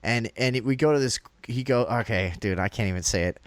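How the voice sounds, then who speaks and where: A young man rambles through a story in a casual chat, laughing and swearing as he goes. His voice sits at a middling pitch, recorded close and dry with no room echo. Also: brisk. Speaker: podcast host telling a story.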